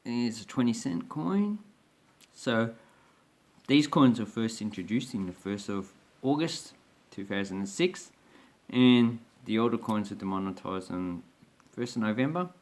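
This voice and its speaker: A coin-collecting vlogger shows off his collection on his own channel in casual, rambling commentary, hesitating and restarting often. His voice sits lowish, a little mellow, animated, and a touch slow.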